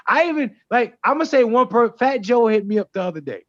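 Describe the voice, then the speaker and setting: A man, a rapper guest from Brooklyn, telling stories in animated, profane, slangy talk. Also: very high voice, fast, no room sound, highs cut off. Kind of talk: casual radio chat.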